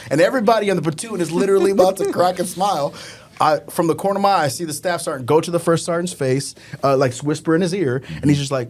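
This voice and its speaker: A man telling casual stories as a podcast guest, animated and often laughing as he talks. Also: on the high side, quick pace. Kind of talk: casual storytelling.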